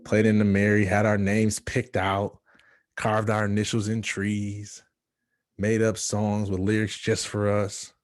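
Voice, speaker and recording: A man from Michigan giving a motivational speech, telling his own story with dramatic pauses and hushed asides. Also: on the low side, monotone, no echo, studio quality. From Michigan, USA. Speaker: motivational speaker.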